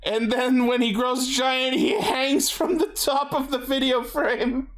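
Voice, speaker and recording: A man with a fairly high voice chats casually on a fan podcast. He talks with enthusiasm, often laughs, and retells scenes with plenty of swearing. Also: level tone, takes it slowly, fairly bright tone. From Canada. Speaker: podcast co-host.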